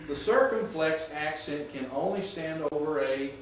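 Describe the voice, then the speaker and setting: With a somewhat high voice, lively intonation, and a moderate pace, this man teaches Greek in a classroom lecture, patiently checking for understanding. The recording is far from the mic in an echoey room, with a little hiss or hum.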